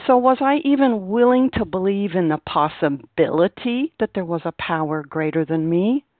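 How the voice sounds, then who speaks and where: Low-voiced woman sharing over a phone line. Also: animated, moderate pace, dry recording. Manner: earnest, repeats key phrases for emphasis. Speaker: meeting member sharing. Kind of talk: personal sharing at a recovery meeting. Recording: dry, tinny phone line.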